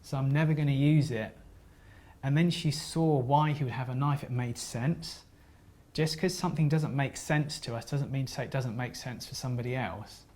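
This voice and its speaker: A man giving a seminar talk, telling stories in an earnest, halting way with frequent restarts and gentle apologies. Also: mid-range voice. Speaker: seminar speaker.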